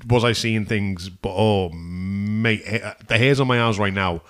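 A man's voice: on the low side, fairly bright tone. A man with a Scouse accent, a taxi-driving podcast co-host chatting casually and teasing his partner. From Liverpool, England. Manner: chatty, quick to tease. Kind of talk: casual chat.

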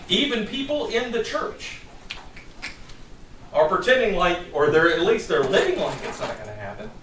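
A man's voice: high voice, sing-song, normal speed, a bit bright, a little hiss or hum. A middle-aged man preaching a sermon in a conversational, storytelling way, from a distant mic in a church hall.

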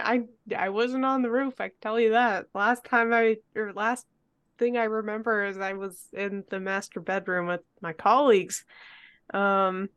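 A woman's voice: fairly high pitch, fairly bright tone. A woman playing her character in a tabletop game, apologetic and hesitant, laughing often. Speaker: player. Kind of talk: in-character role-play.

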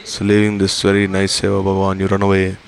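Low, flat-voiced man translating a sermon. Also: quick pace, vocal fry. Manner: earnest, admonishing.

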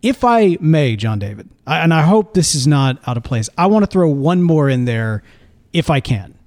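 An upbeat man co-hosting a casual podcast. His voice sits fairly high and moves a lot in pitch. The sound is dry and close, with little room echo. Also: sing-song, moderate pace, a little mellow. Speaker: podcast co-host.

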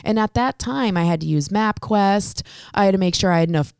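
A woman's voice: medium pitch, fairly quick, creaky, clear, resonant tone, dry recording, clean studio sound. A woman from Connecticut, a hairstylist and salon owner, telling stories as an interview guest and acting out the dialogue. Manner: lively storyteller who acts out quoted dialogue. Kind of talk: casual storytelling interview.

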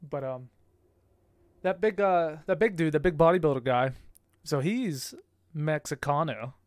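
A man's voice: a little high, unhurried, dry recording, studio quality. A young man co-hosting a podcast, telling stories in casual chat, swearing freely and laughing often. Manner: profane, animated storyteller, laughs often. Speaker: podcast co-host.

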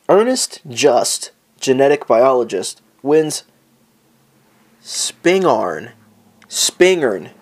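A man's voice: mid-range voice, darkish tone. A man hosting his own podcast alone at home, talking in a rambling, joking way, swearing often and drifting off topic. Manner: rambling, profane, joking, easily sidetracked. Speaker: podcast host. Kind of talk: casual solo podcast chat.

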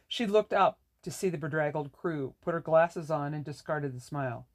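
A reader narrating a novel in a measured, even way. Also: medium pitch. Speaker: audiobook narrator. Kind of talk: scripted narration.

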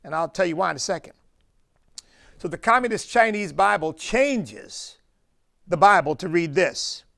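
Gravelly emphatic American preacher man. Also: high voice, animated, fairly bright tone. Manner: emphatic, drawn-out stresses on key words. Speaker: pastor. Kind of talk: sermon.

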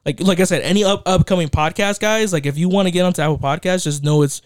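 Young male podcast co-host, casual chat, emphatic and repetitive, slightly high voice, close dry sound. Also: fast, no room sound. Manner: emphatic, repeats himself, says bro and dude.

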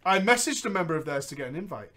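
A man's voice: on the high side, sing-song, very fast, pushed and bright. A man telling a gaming story in a giggly, bantering comedy chat. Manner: giggly, banters between lines. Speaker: podcast host reading a story.

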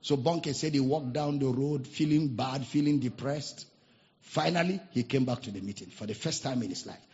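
A male pastor preaching a sermon, telling stories dramatically and swinging from shouts to hushed tones. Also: mid-range voice, normal speed. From Nigeria. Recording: dull lo-fi sermon recording.

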